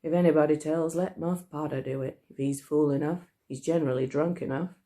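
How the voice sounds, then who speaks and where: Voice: medium pitch, steady tone, brisk, dark tone, lightly acted. A teacher voicing blunt ragged boy Huck Finn. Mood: grim. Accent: put-on American.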